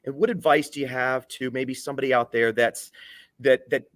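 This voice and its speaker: A man, a guest on a panel, telling a casual anecdote in a lively storytelling way before asking his question. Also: medium pitch, brisk, dry recording.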